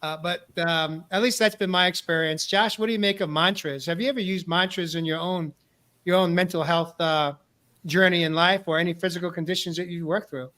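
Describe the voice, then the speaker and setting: A man's voice: sits high, fairly even intonation, fairly quick, pushed and bright. A male host talking earnestly in a casual discussion, often repeating words as he starts a thought. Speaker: podcast host. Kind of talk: casual talk show discussion.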